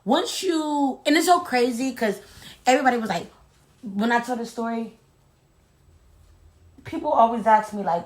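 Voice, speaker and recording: A woman chatting casually to her viewers, retelling a story in an animated, sassy way. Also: on the high side. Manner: animated, sassy, drawn-out dramatic retelling with asides like "baby". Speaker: storyteller vlogger.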